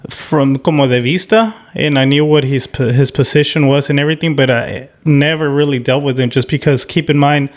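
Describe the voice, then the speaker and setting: A young man co-hosting a podcast, chatting in a laid-back, halting way that sometimes loses the thread. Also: medium pitch. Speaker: podcast co-host. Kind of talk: casual chat.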